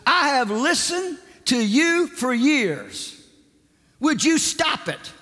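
A man voicing a fed-up, stern male pastor who scolds and exhorts in a loud, commanding, repetitive way, with long hall reverb. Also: very high voice, expressive, unhurried, pitched above the performer's own voice, exaggerated voice. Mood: stern, exhorting.

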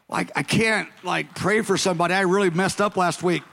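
A man preaches to his congregation, his voice pitched high for a man. He slows right down and stresses the words when he speaks the characters' lines. The sound rings out with the long reverb of a large hall. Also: vocal fry. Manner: animated preaching, acting out the father's words slowly and emphatically. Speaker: pastor. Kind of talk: sermon.

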